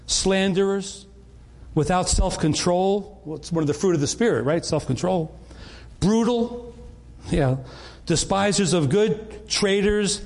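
A man's voice: high-pitched, a little mellow. A middle-aged man, preaching a sermon to his congregation in an earnest, conversational way with frequent restarts. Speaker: pastor.

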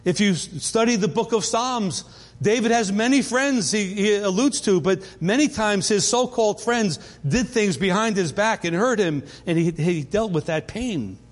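A man's voice: high voice, normal speed, in a large hall. A man preaching a sermon as pastor, talking in a conversational way and often restarting his sentences. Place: church.

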